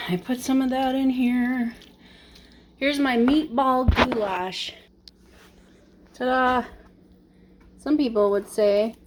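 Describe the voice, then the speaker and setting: A young woman vlogger rambles casually to the camera while cooking, chatty and a little out of breath as she talks to herself. Her voice is fairly high with a darkish tone, and there's slight background noise.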